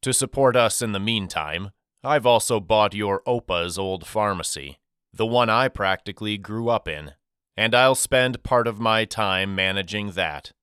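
A man voicing a loving, soft-spoken father talking to his two sons in an audiobook. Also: on the low side, a little slow, clear, resonant tone, no room sound, clean studio sound. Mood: tender. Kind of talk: audiobook character reading.

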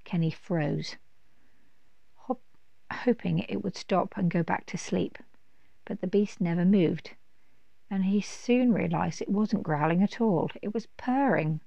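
A woman reading a children's storybook aloud at a steady, unhurried pace. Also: lowish voice, vocal fry, no room sound. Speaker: narrator. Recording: dull dry recording.

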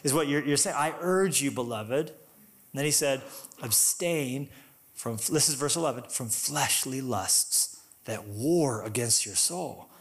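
A male pastor giving a conversational, animated sermon with loud, emphatic bursts. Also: medium pitch, a little slow.

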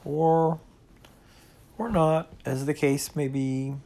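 A man voicing a simple, gentle teddy bear of little brain in a storybook reading, slow and wistful. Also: fairly high pitch, level tone, vocal fry, voice pushed up. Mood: dreamy.

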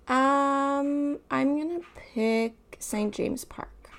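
A woman's voice: sits high, very slow. A woman co-hosting a casual podcast, laughing easily and reacting with surprise. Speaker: podcast co-host. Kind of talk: casual chat.

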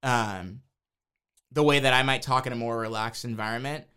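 A man's voice: medium pitch, steady tone, moderate pace, bright, forceful tone, clear, resonant tone. A man talking casually on a podcast who uses many fillers and often checks whether he has been understood. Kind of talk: casual discussion.

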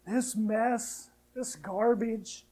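A man with a high, mellow voice preaches a sermon at an unhurried pace. He drops to near-whispers and then rises into loud, fervent appeals, reciting hymn lines slowly. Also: low-quality recording. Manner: preaching with sharp swings between soft, hushed lines and loud, rising ones. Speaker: pastor.

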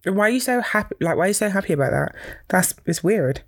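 A woman's voice: mid-range voice, lively intonation, quick pace, no echo, clean studio sound. A young woman as a podcast guest, blunt and opinionated in casual chat.

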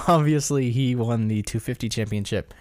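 A man's voice: mid-range voice, measured pace, darkish tone, no room sound. A man hosting a casual solo commentary episode, rambling and correcting himself as he stumbles over names. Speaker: podcast host.

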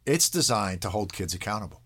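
A man's voice: lowish voice, expressive, a bit bright, breathy edge. Conversational man explaining to an interviewer. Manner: conversational, acts out quick quoted lines of kids and parents; checks in with "all right?". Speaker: parenting expert.

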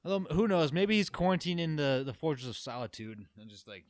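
A man's voice: a little high, sing-song, fairly quick, vocal fry, few pauses, dry recording, clean studio sound. A man co-hosting a casual comedic chat, riffing on jokes and laughing often. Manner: giggly, riffs on jokes with frequent laughter.

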